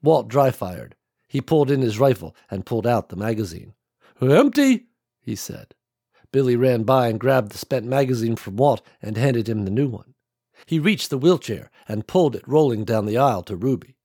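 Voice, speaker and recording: A man narrating an action audiobook in a measured, dramatic way. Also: mid-range voice, dark tone, breathy edge, dry recording, studio quality.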